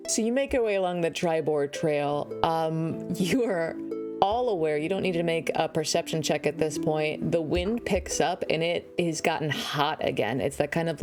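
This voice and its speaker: A woman's voice: sits low, unhurried, over music. A woman game master narrating a tabletop game scene in an easygoing, descriptive way, with frequent fillers.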